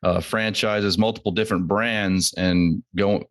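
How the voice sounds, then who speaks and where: Deep-voiced man hosting a podcast. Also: unhurried. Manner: relaxed, friendly questioning. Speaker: podcast host. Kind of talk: casual interview.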